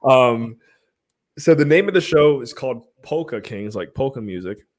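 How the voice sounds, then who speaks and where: A man's voice: medium pitch, expressive, moderate pace. Casual male livestream podcast host. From Ohio, USA. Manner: rambling, runs giveaways, laughs often.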